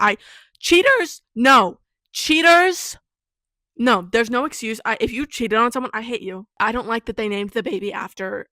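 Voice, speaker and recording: A twenty-one-year-old woman reviewing books in a casual vlog, animated and opinionated, repeating herself for emphasis. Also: mid-range voice, dry recording. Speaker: book reviewer.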